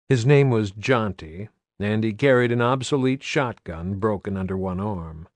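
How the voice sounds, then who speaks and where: A man reading an audiobook as narrator with an even, steady delivery. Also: on the low side, normal speed, few pauses, no echo, studio quality. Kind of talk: scripted narration.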